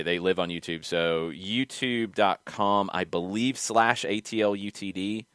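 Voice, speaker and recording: A man hosting a soccer podcast in casual chat, running through show plans and where to watch in a quick, rambling way. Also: deep voice, a bit bright, clean tone, no echo, studio quality. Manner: fast, rambling promo talk. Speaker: podcast host.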